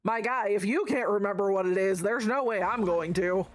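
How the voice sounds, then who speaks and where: Over a crowd in the background, a woman with a mid-range voice chats with her livestream audience at a moderate pace. She's affectionate, names her viewers as she greets them, and swears freely reading the chat.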